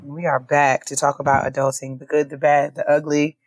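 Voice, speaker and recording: A woman co-hosting a casual chat podcast, telling animated stories and laughing often. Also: deep voice, a little fast, dry recording. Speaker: podcast co-host.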